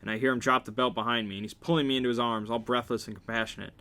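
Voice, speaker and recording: A man reads a novel aloud with a bright, forward tone and a middling pitch. He keeps it wry and casual, dropping joking asides between passages. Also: fairly even intonation, racing. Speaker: reader.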